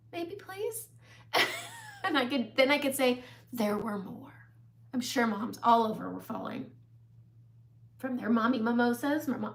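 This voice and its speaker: A middle-aged woman chatting casually through a makeup tutorial, self-deprecating and laughing often. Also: high-pitched. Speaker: makeup live-stream host.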